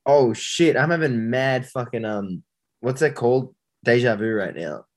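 A man's voice: mid-range voice, lively intonation, a little slow. An Australian man in a casual late-night podcast chat, rambling, swearing and laughing at his own jokes. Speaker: podcast co-host.

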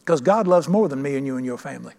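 A man's voice: mid-range voice, expressive, quick pace, creaky, darkish tone. A pastor preaching a sermon, emphatic and questioning his congregation. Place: church sanctuary. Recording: long church reverb.

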